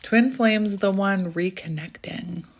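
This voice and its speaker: A woman giving a channelled tarot reading in a chatty way, often breaking into excited exclamations. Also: mid-range voice, slow pace. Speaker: tarot reader.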